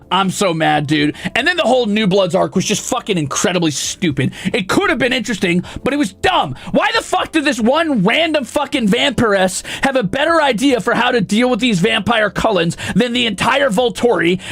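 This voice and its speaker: A man streaming, ranting indignantly and profanely, often breaking into shouts. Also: very high voice, lively intonation, moderate pace, gravelly, few pauses, slightly rough, soft background music. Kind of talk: casual stream rant.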